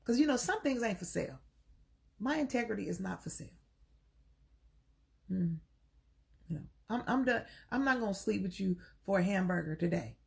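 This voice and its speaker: A woman's voice: mid-range voice, lively intonation, moderate pace, gravelly, pauses often, darkish tone. A middle-aged woman coaching on relationships in casual, sassy talk, preaching straight to the ladies. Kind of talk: casual talk to camera, live stream.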